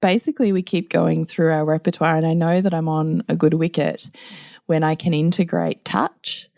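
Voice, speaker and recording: A woman's voice: low voice, moderate pace, vocal fry, no echo, studio quality. A middle-aged woman co-hosting a casual podcast, laughing often as she tells family stories and acts out the lines of her husband and son. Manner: acts out family members' lines in lively voices. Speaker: podcast co-host.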